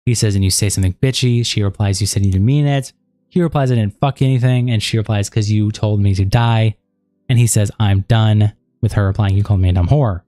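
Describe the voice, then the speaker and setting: A man streaming, reading chat logs aloud at a steady pace and breaking off into rambling casual asides full of fillers. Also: lowish voice, brisk, dry recording, clean studio sound, faint music behind.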